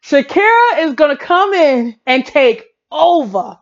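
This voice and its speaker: A woman chatting casually about pop music and celebrity gossip, excitable, laughing often and breaking into song. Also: sits high, a little slow, highs cut off. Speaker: pop culture vlogger.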